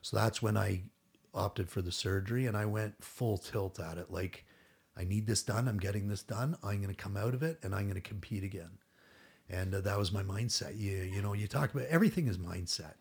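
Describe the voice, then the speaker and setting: A man's voice: fairly low pitch, brisk, gravelly, breathy edge. A middle-aged man telling a long story as a podcast guest, rambling and acting out what others said, with casual swearing.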